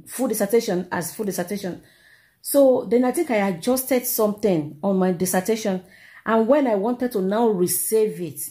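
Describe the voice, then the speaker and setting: A middle-aged Nigerian woman vlogging, telling a personal story in an animated, exclamatory way and repeating herself for emphasis. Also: medium pitch. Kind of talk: casual storytelling to camera.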